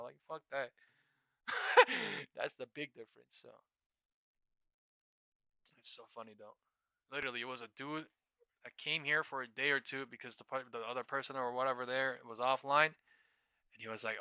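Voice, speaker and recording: Bright, crisp-voiced man swearing on stream. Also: mid-range voice, a little fast, no room sound. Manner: profane, laughs often, rambling. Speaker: live trading streamer. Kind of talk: casual live-stream chat.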